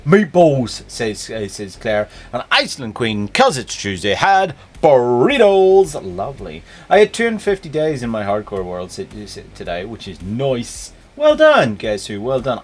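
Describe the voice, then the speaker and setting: A man's voice: lowish voice, fairly bright tone, husky. A man with a Northern Irish accent hosting a live stream, chatting casually and greeting viewers by name. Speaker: streamer host.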